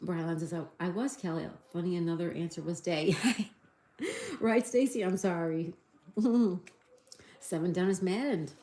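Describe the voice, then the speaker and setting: Slow, mellow-voiced woman streamer. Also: lowish voice. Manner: slow, spells answers letter by letter and reads out viewer comments. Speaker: live-stream host. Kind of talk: casual live-stream chat.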